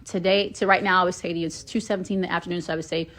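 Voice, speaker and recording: A woman's voice: fairly low pitch, steady tone, racing, a bit bright, a little hiss or hum. A woman from Atlanta, Georgia, chatting casually and playfully on a live stream from her phone, with lots of filler ums.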